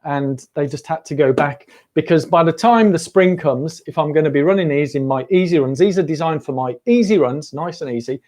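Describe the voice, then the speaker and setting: A man's voice: fairly high pitch, fairly quick, few pauses, darkish tone. A middle-aged man hosting a casual livestream, chatty and jokey, talking straight to his viewers. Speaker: running channel host. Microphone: camera on a livestream.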